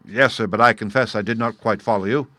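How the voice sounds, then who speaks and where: A man's voice: on the low side, steady tone, quick pace, pushed and bright, no room sound. A man reading a middle-aged male police inspector who asks questions eagerly and deferentially. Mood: questioning. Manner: eager, exclaiming.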